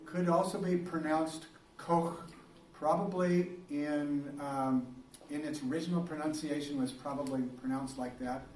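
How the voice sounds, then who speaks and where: A man's voice: fairly high pitch, steady tone, moderate pace, a little mellow, a little hiss or hum. A male biology teacher giving a casual, rambling classroom lecture, full of fillers and restarts. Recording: roomy classroom, recorded from a distance.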